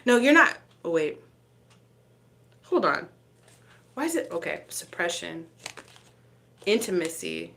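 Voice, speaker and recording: Chatty woman tarot reader, lowish voice. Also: big pitch swings, slow pace, vocal fry, pauses often, sharp tone, a little hiss or hum. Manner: chatty, laughs often, teasing asides. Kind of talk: live tarot reading.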